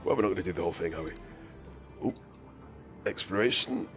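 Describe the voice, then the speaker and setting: A man talks his way through a game stream with whimsical, rambling asides, sounding a little ill but hyper. His voice sits low yet swings widely in pitch. Faint game music plays under him. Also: lively intonation, fast. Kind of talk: casual live-stream commentary.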